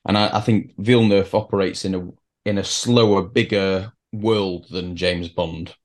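A man hosting a podcast, speaking in a measured, deliberate way. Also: low-pitched, fairly even intonation. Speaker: podcast host. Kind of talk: casual chat.

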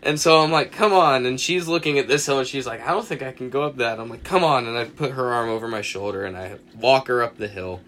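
A young man co-hosts a podcast and spins a long, animated anecdote, dropping into the voices of the people he quotes. His voice sits at an ordinary middle pitch and swears freely. A faint hiss runs under the recording. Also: fast talker, few pauses. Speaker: podcast co-host. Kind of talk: casual storytelling chat.

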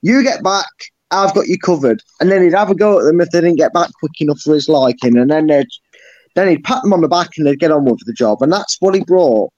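Male co-host, raised pitch, animated and sweary, dry lo-fi mic. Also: fast, no room sound. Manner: animated and sweary, acting out players' shouts. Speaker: podcast co-host. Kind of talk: casual football chat.

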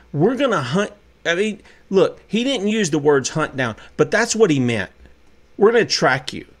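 A man hosting a call-in talk radio show, speaking in an impassioned, preachy way and firing off rhetorical questions. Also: sits high.

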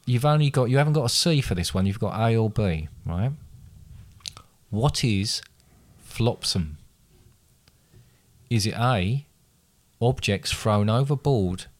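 Low-voiced man hosting a quiz. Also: animated, slow, pauses often. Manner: teasing, reads questions aloud with restarts. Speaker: quiz host. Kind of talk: casual quiz chat.

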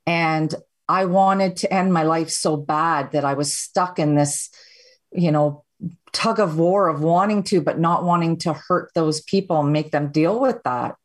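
Low-voiced Canadian woman telling her story. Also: measured pace. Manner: candid, steady, plainspoken recounting. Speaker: podcast guest. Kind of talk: personal storytelling.

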